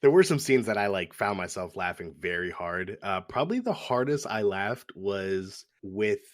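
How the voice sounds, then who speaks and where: Male podcast co-host, low-pitched, laid-back storyteller; dry, close sound. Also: expressive, moderate pace, dry recording. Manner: easygoing, recounting scenes with laughs. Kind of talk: casual movie-review chat.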